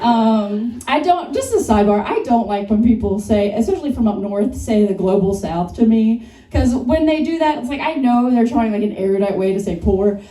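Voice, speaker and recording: A woman's voice: a little high, expressive, moderate pace, dark tone. A young woman doing a stand-up comedy set, self-deprecating and often laughing at her own jokes. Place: comedy bar stage. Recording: echoey club sound from a distance.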